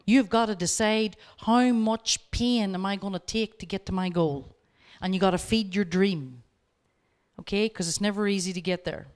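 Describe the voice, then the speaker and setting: A woman speaking at a workshop, telling lively stories and coaching her audience directly. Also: medium pitch, normal speed. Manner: lively anecdotes, acting out both sides of the dialogue. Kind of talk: storytelling lecture.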